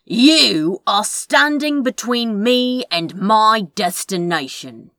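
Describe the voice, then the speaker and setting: A woman plays a sardonic male master of the dark arts in an audiobook, dragging out each threat in a slow, self-important drawl. the voice is dry and close, with no room around it. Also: a little high, expressive, no room sound, voice pushed up, heavily acted. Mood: pompous. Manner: pompous, slow intoning menace. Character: haughty male dark sorcerer, scheming and sardonic.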